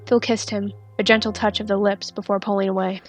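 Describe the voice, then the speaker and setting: A woman narrating a fanfiction story in a steady, soft-spoken reading. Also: medium pitch, fairly quick, soft background music. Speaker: fanfiction reader.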